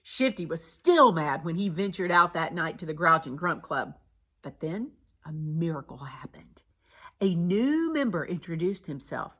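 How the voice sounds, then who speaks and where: A woman reading a children's picture book aloud, expressive and animated. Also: on the low side, normal speed, few pauses. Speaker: storybook reader.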